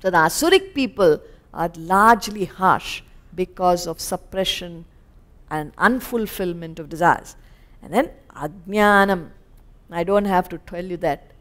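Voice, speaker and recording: A woman with an Indian English accent teaching scripture as a spiritual teacher, animated and acting out little scenes. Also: lowish voice, unhurried. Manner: animated, acts out little scenes in quoted voices. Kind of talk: lecture on scripture. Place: lecture hall.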